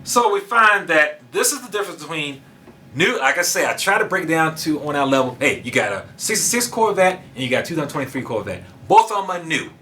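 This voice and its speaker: A man's voice: a little high, very animated, fast talker, bright, forceful tone, a little hiss or hum. A man preaching a sermon, fervent and emphatic, talking casually and addressing his listeners directly. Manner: casual colloquial speech, addresses audience directly.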